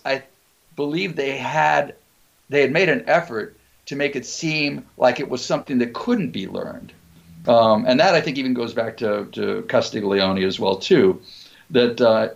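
A man's voice: medium pitch, vocal fry. A man in a scholarly discussion, talking thoughtfully and discursively with some hesitation. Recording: dull lo-fi sound.

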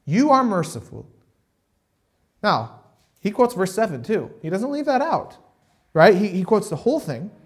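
A man's voice: high-pitched, moderate pace. A man preaching a sermon in a conversational way, acting out the people he quotes. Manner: conversational, animated, acts out quotes. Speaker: pastor.

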